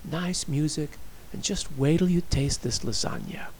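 A man doing a gentle teasing young man. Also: a little high, animated, moderate pace, slight background noise, voice pushed up, natural voice, low-quality recording. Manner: teasing, soft-spoken.

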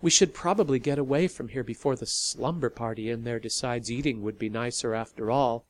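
The narrator of an audio story voicing a gentle, devoted young woman who looks after her wounded partner. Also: medium pitch, fairly quick, close to an everyday voice. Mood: gentle, concerned. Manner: gentle, caring questions.

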